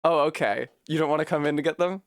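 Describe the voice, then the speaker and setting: A man's voice: on the high side, fast, no echo. A man live-streaming from a room at home, chatting casually with his viewers, laughing often and swearing freely. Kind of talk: casual live-stream chat while gaming.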